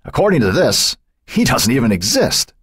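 A man voicing a gruff, irritable male editor who growls and grumbles in an audiobook. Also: medium pitch, wildly swooping pitch, normal speed, a bit bright, dry recording, clean studio sound, voice pushed up, exaggerated voice. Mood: grumbling.

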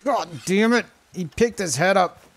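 A man's voice: sits high, a little slow, a little hiss or hum. A young man streaming a game live, reacting with swearing and exclamations and talking to his chat. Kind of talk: live gameplay commentary.

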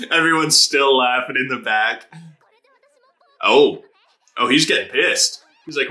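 A man casually reacts to an anime episode, excitable and laughing a lot. He swears heavily and slips into quick put-on voices for the characters, all at a medium pitch.

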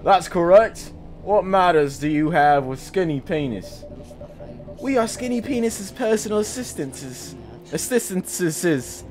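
Man voicing a prim British video game assistant, high and overly polite. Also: expressive, a little slow, slight background noise. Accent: put-on British.

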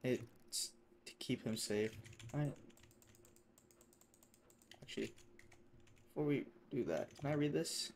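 Dude gaming and cursing a lot, mumbles then yells, medium pitch, bit of faint background noise. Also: male voice, slow, pauses often. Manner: excitable, profane, bursts into shouting. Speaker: gamer. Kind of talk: casual gaming commentary.

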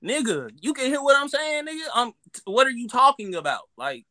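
Man, Southern accent, high-pitched, profane, animated ranting. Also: a little fast, no room sound. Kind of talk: casual chat.

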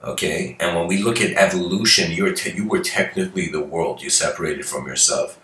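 Low-voiced male spiritual lecturer, bright forceful tone, relaxed storytelling, roomy echo. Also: a little fast, a little hiss or hum. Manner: loose, conversational storytelling with asides to listeners. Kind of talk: casual spiritual talk.

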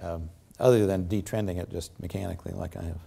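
An older man lecturing in a theatre, his voice low-pitched and mellow. He talks in a halting way, restarting sentences and filling gaps with ums and uhs as he works through his slides. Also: steady tone, vocal fry, breathy edge. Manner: halting, many fillers and restarts.

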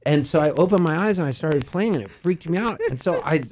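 Animated storytelling man in a radio studio. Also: fairly high pitch, quick pace, poor audio. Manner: rambling, animated anecdotes with bursts of laughter. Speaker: musician guest. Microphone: studio microphone.

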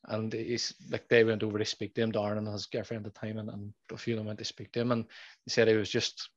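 A man's voice: on the low side, completely flat delivery, fast, dry recording. A man with a Derry accent hosting a casual podcast, rambling and restarting his sentences as he chats. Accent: Northern Irish, Derry. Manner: rambling, restarts often, says "aye". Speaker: podcast host. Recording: slightly dull dry sound.

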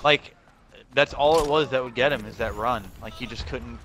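A man's voice: medium pitch, moderate pace, a bit bright. A young man chatting casually while gaming, telling rambling, profane stories from his army days. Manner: rambling storytelling with profanity and laughs. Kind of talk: casual chat.

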